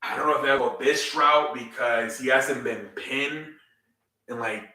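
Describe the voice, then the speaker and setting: A man's voice: medium pitch, a little slow, bright, forceful tone. A man casually recapping a wrestling show, rambling with many fillers and repeated words. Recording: roomy echo, a bit far from the mic.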